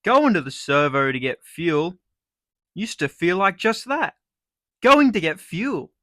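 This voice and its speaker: A man's voice: high voice, sharp tone, no echo, studio quality. A young man with an Australian accent delivering a sarcastic, sweary comedic rant. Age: young adult. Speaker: vlogger.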